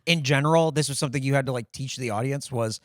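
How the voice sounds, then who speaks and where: A man's voice: medium pitch, fast, no echo, clean studio sound. A man co-hosting a comedy food podcast, teasing and swearing freely in casual chat. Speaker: podcast co-host.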